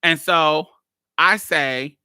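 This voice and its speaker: A woman's voice: deep voice, extremely slow, sharp tone, smooth, dry recording, clean studio sound. A woman podcast host telling a story in a blunt, exasperated way, laughing often and swearing freely. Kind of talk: casual storytelling monologue.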